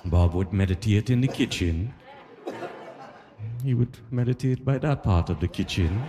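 A man's voice: deep voice, very animated, moderate pace, long pauses, long reverb tail, background noise. A man doing a stand-up comedy set on a live stage, talking in a loose conversational way and slipping into acted-out voices.

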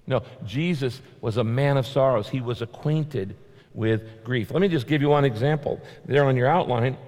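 A man's voice: mid-range voice, darkish tone. Emphatic preaching man in an echoing hall. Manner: emphatic, repetitive preaching with sudden rises. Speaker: pastor. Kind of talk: sermon. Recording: long hall reverb.

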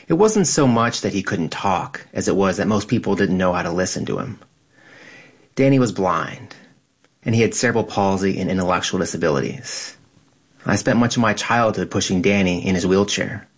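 Low-voiced man reading his essay. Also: husky. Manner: calm, measured, reflective.

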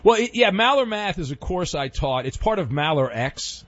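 A man's voice: high-pitched, sing-song, moderate pace, fairly bright tone, highs cut off. A middle-aged man hosting a call-in sports talk radio show, joking and teasing callers with playful bluster.

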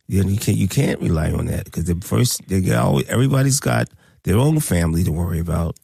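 A man's voice: animated, quick pace, gravelly, warm tone, slightly rough, dry recording, clean studio sound. A man hosting a community talk radio show, speaking bluntly and preachily. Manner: blunt, preachy, rises high when worked up.

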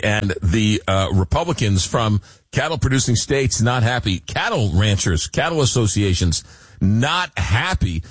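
A man's voice: fairly low pitch, dry recording. A man hosting a radio talk show, joking and emphatic, often repeating words as he gets going. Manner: jokey, emphatic, repeats words when excited. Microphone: studio microphone.

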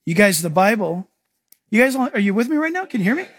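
A man preaching a sermon as pastor, animated and acting out scenes for his congregation. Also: high-pitched, brisk, husky, no echo, studio quality.

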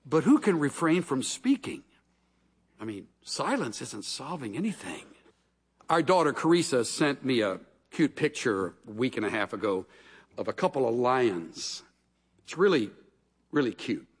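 A man's voice: mid-range voice, sing-song, unhurried, husky. A man preaching a sermon in a large hall, telling stories with animation and acting out voices from scripture. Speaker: pastor. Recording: long hall reverb.

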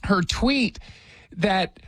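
A man's voice: sits high, animated, very slow, fairly bright tone. An American man hosting a talk segment, sarcastic and joking, and he often stops and restarts his sentences. The sound is dry and close, with no room echo. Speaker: radio talk host. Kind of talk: casual commentary chat. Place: his own studio.

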